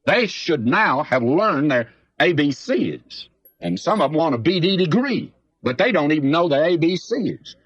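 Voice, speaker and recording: A man's voice: fairly high pitch, very animated, unhurried, dry recording, highs cut off, faint music behind. An older man teaching the Bible in a folksy, emphatic way, like an old radio preacher.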